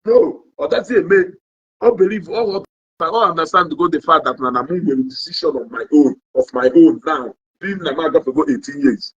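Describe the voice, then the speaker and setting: A young Nigerian man with an Igbo accent talks to his livestream viewers in an animated, sermon-like rant, his slightly high voice husky at the edges. He switches languages mid-sentence and keeps asking the audience whether they understand. The recording sounds dull and lo-fi. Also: a little fast. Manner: code-switching, repeats "you understand?"; animated, swings in pitch. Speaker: online commentator. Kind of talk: casual monologue to a livestream audience.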